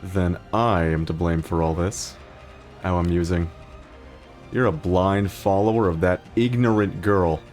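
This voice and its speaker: A man voicing a cold, scornful male traitor from a video game, speaking in a low, measured, contemptuous way. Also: a little mellow, faint music behind.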